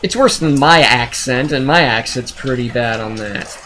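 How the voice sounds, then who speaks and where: A man reviewing a movie in a sarcastic, exasperated rant, often jumping into high, incredulous outbursts. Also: normal speed, bright, forceful tone, a little hiss or hum, poor audio.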